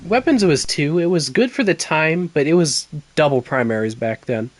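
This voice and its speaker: A man co-hosting a casual gaming chat, teasing his partner in quick banter. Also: a little high, lively intonation, no echo. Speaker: podcast co-host.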